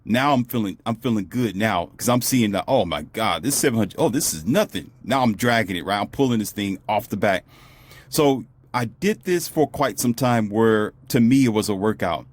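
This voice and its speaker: A man's voice: fairly low pitch, animated, moderate pace, no room sound. A man telling a personal story in a casual vlog, acting out other people's lines as he goes. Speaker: vlogger.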